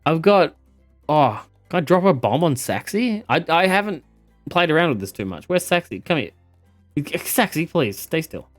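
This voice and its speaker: Animated, swearing streamer with faint music. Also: male voice, a little high, moderate pace. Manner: animated, swearing, laughing at the game. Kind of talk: casual live-stream chat.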